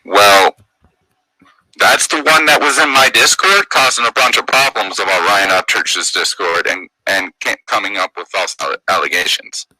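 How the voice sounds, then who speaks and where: A man's voice: lowish voice, normal speed, pushed and bright, no room sound, rough recording. A man hosting a livestream, arguing angrily and defensively, swearing often. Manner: angry, profane, defensive ranting. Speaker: livestream host. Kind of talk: heated livestream argument.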